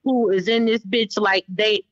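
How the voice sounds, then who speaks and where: A woman's voice: medium pitch, unhurried, dry recording, muffled recording. A woman in her thirties, a mother telling blunt, profane stories as a guest in a casual interview. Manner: blunt, profane, animated storytelling with voiced quotes.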